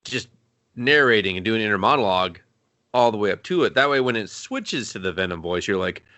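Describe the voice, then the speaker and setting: A man's voice: fairly low pitch, fairly quick, no room sound. A man co-hosting a casual movie review podcast, swearing freely and acting out scenes as he recaps them. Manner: animated, swears often, acts out scenes in put-on voices. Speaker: podcast co-host.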